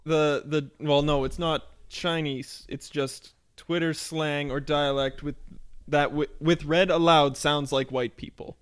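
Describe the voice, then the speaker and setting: Smooth-voiced rambling podcast host. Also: male voice, a little high, fairly even intonation, unhurried, a bit bright, no room sound. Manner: rambling, loose and laughing. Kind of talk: casual podcast chat.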